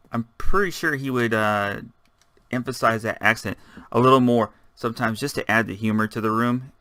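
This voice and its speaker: Chatty man with a bright, sharp voice. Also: medium pitch, no echo. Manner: rambling, chatty, talks to himself while building. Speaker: gaming channel host. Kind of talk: casual let's-play commentary.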